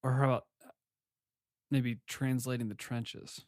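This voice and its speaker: A man's voice: medium pitch, level tone, a little slow, darkish tone, dry recording, studio quality. A man co-hosting a comedy podcast, chatting casually, rambling through stories and giggling often. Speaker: podcast co-host.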